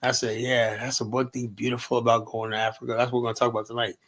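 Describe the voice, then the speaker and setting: A man's voice: medium pitch, level tone, quick pace, a bit bright. Rambling, foul-mouthed man on a livestream. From United States. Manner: profane, rambling, full of "you know" and "man". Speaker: livestream host. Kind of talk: casual livestream talk.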